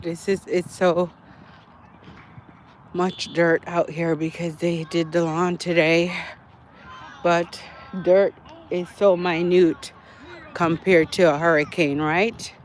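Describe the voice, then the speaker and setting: Guy huffing along a track at dusk, slow easy talk, high voice, chatting to his stream. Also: little pitch movement, slight background noise. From Jamaica. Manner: chatty, repeats himself, talks to chat. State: out of breath. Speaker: livestream host. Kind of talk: casual walking livestream. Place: outdoor walking track near woods at dusk.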